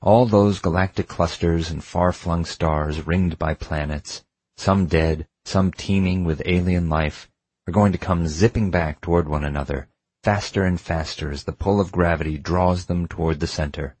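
Low husky guy reading an audiobook, measured and close, dry sound. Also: steady tone, darkish tone, no room sound. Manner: measured, intimate first-person reading. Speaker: audiobook narrator. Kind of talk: first-person audiobook narration.

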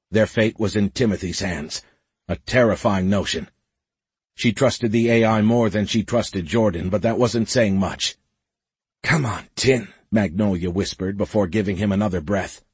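A man narrating a science fiction audiobook in a steady, measured way. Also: on the low side, husky, dry recording. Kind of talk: scripted narration.

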